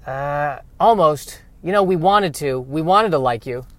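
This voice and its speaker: A man's voice: on the high side, animated, measured pace, a bit bright, dry recording. A man voicing an alien who keeps apologizing as it turns someone down. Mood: apologetic. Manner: regretful, over-apologetic. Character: apologetic alien speaking for its group.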